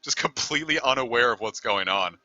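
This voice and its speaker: Man, streamer, rambling casual storyteller, sharp bright tone, dry dull stream audio, faint game music. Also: medium pitch, animated, fairly quick, dry recording. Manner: rambling, easygoing, swears casually. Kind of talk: casual storytelling over gameplay.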